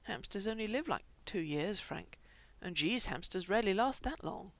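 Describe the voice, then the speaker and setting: Lady doing a cranky young guy stuck as a hamster, swears a lot, pitch jumps all over, gravelly edge. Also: lively intonation, moderate pace, lightly acted. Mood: anxious. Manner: exasperated, swearing outbursts. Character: young man turned hamster, indignant and prickly.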